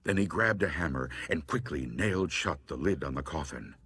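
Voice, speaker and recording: A man reading a spooky story aloud in a slow, hushed, dramatic way. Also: rumbling low, animated, slight background noise. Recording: loud music underneath.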